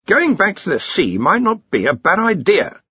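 A man voicing a blustering older male wizard archchancellor, booming and hearty, in an audiobook. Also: sing-song, moderate pace, sharp tone, slightly rough, no room sound, dull audio, heavily acted. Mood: musing. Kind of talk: audiobook character voice.

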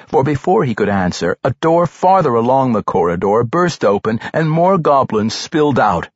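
Husky, expressive male audiobook narrator. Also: mid-range voice, normal speed, hardly any pauses, no room sound. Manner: dramatic, expressive reading. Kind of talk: scripted fantasy narration. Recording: dry, slightly dull studio recording.

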